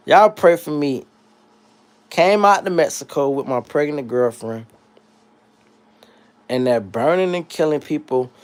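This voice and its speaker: A man running a livestream responds to chat comments with off-the-cuff comedic riffing. His rant alternates between loud, high blasts and low, muttered asides.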